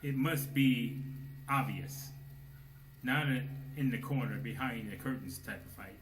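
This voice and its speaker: A man preaching a sermon, swinging between hushed low asides and loud exclamations, at times speaking as God in the first person. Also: unhurried. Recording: echoey room with faint noise.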